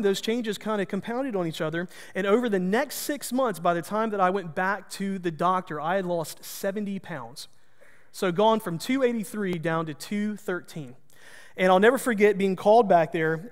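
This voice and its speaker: A man's voice: high voice, big-room sound. A man, a pastor, telling a personal story in a folksy, self-deprecating sermon.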